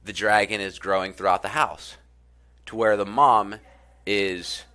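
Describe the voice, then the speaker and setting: A man's voice: lowish voice, steady tone, unhurried, pushed and bright. A man giving a casual, earnest talk on self-improvement, who retells a story and repeats his phrases with many fillers.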